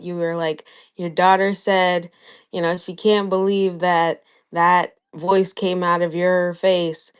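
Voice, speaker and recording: A woman co-hosting a casual live-stream chat, talking in an animated, emphatic way and going off on tangents. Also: fairly low pitch, clear, resonant tone.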